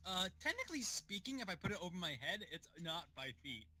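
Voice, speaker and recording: A man's voice: high voice, big pitch swings, brisk, pushed and bright. A man talking as a player in a tabletop game, joking and asking questions. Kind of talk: casual tabletop play.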